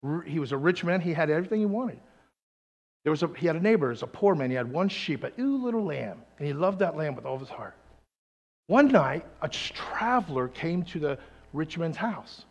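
A man preaching a sermon, telling a story dramatically and swinging from loud calls to hushed tones. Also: fairly high pitch, lively intonation, brisk, muffled recording. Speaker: pastor. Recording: long hall reverb.

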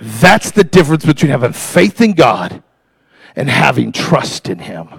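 A man preaching a sermon as pastor, impassioned and storytelling, moving between loud preaching and quiet confiding. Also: medium pitch, big pitch swings, unhurried, creaky, breathy edge, no room sound, rough recording.

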